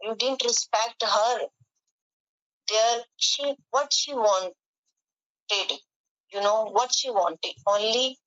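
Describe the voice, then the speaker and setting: A woman telling a story for English speaking practice, halting with many pauses and restarts. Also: medium pitch, fairly bright tone, smooth, lo-fi sound.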